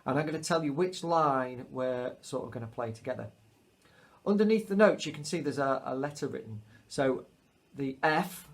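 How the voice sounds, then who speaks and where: A man's voice: a little high, moderate pace. Upbeat man teaching music. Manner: patient, encouraging, spells out rhythms. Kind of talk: remote music lesson for children.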